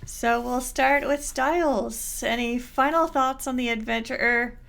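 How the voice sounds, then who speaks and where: Woman, game master, slow unhurried delivery, vocal fry, gently amused. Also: on the high side. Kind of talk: running a tabletop game session.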